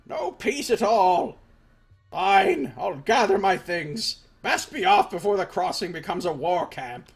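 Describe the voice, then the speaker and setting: A man voicing a cranky, stubborn old male villager who is hard of sight, in a high, slow, indignant voice. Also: expressive, breathy edge, full character voice. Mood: grumbling.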